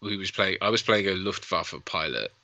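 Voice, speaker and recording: Brief: male co-host, bright tense voice, lively playful riffing. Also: sits low, normal speed, vocal fry, dry recording. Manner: playful, riffing jokes, laughing. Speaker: actor, co-host of a film watch party. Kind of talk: casual watch-along banter.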